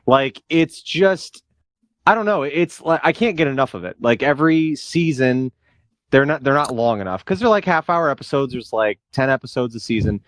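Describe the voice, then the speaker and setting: A man co-hosting a podcast, telling stories casually and leaning on fillers. His pitch is middling, and the recording is dry and close-miked. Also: animated, normal speed, dry recording. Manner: chatty, filler-heavy storytelling. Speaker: podcast co-host. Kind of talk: casual chat.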